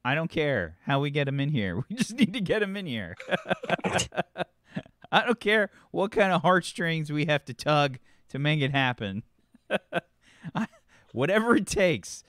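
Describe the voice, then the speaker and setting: A man's voice: fairly high pitch, very animated, a little slow, fairly bright tone, no room sound, studio quality. A man hosting and running a tabletop game, chatting casually and teasing his players with lots of laughter. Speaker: game master and host. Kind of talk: casual show intro chat.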